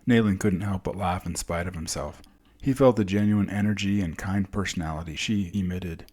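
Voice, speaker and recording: A man reading fantasy narration in a slow, calm, descriptive way. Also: deep voice, husky. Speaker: storyteller.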